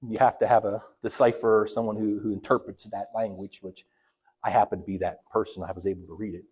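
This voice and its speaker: A man's voice: level tone, fast, a little mellow, breathy edge. A man, a church elder, preaching a sermon and telling a personal story, acting out the dialogue with sudden rises and drops in his voice. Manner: storytelling, acts out quoted dialogue with big swings in pitch and volume. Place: church sanctuary.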